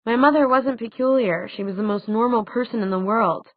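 A woman reading the part of a blunt, sarcastic teenage girl, pitching her voice higher with quick questioning retorts. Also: no echo, lightly acted. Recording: dry, tinny phone-like sound.

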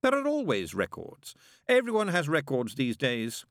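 A man's voice: fairly high pitch, huge pitch swings, moderate pace, fairly bright tone, dry recording, studio quality, voice pushed up, exaggerated voice. A man voicing a sardonic, impatient male demon who snaps and grumbles sarcastically. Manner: snappish, sarcastic.

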